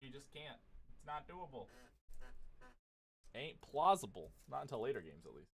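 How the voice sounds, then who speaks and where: A man's voice: mid-range voice, very animated, moderate pace, vocal fry, breathy edge. A goofy young man streaming a game, chatting casually and laughing often. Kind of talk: casual gameplay commentary.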